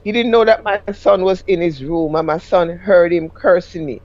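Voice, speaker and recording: A woman's voice: on the low side, normal speed, a little mellow, dull audio. A middle-aged woman with a Jamaican accent, a caller telling a personal story in rambling casual speech that rises sharply when she quotes herself.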